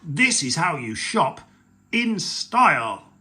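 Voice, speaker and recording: A man's voice: on the high side, very animated, measured pace, a bit bright, voice pushed up. A man voicing a jolly, playful father pig in a read-aloud storybook, hearty and showy. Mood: cheerful.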